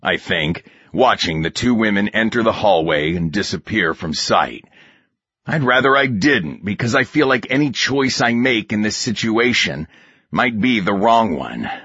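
A man narrates in a low, husky voice with a bright, forceful edge. His storytelling is steady and measured. The recording is dry and a little dull. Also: dry recording. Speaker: audiobook narrator. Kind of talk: scripted narration of a war novel.

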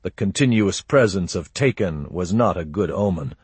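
A man narrating an audiobook in a measured, steady storytelling voice. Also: low-pitched, breathy edge, no echo. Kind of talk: scripted narration.

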